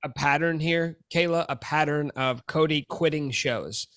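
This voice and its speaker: A man's voice: on the high side, measured pace, fairly bright tone, no room sound, studio quality. A man co-hosting a podcast, teasing his friend in a mock-dramatic, joking way. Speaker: podcast co-host. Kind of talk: casual banter.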